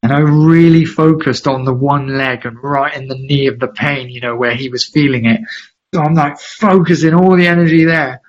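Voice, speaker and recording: A man, a charity founder and interview guest, telling a lively anecdote and acting out the voices of the people in it. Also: medium pitch, normal speed. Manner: lively, acts out quoted voices, laughs often. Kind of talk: animated anecdotal storytelling. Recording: slightly dull lo-fi audio.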